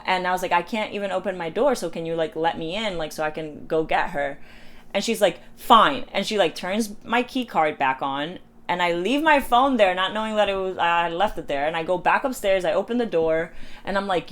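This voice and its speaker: A woman's voice: lowish voice, a little fast, fairly bright tone. A young American woman in her twenties records a casual storytime vlog on her phone. She talks in a loose, chatty way and peppers her sentences with "like." She acts out the other people in her story as she goes. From United States. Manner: chatty, heavy use of "like", acts out quoted voices. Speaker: vlogger.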